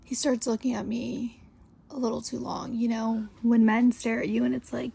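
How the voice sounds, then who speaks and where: Young female podcast host, chatty storyteller, husky, slightly high voice. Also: level tone, moderate pace, dark tone. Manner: chatty, exasperated, full of "like". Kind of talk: casual storytelling monologue.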